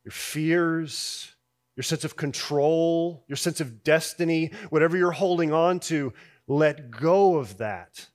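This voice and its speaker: A man giving a sermon as pastor, in a conversational way, dropping soft on key lines and rising when he voices people's doubts. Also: a little high, slow pace.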